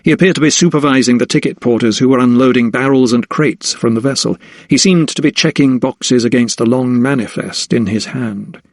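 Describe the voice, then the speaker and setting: A man reading a historical mystery aloud in an even, measured storytelling manner. His voice sits at a middling pitch and the recording is close and dry, with no room around it. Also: dry recording. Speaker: audiobook narrator. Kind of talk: scripted narration.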